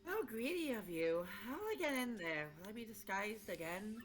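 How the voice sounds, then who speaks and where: A woman reading as a lively, curious princess. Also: medium pitch, normal speed, a little hiss or hum, natural voice.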